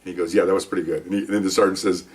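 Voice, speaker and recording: A man's voice: sits low, steady tone, rapid-fire, distant mic. An older man, a former police training officer, telling a rambling, folksy story and acting out what others said. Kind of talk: casual storytelling monologue.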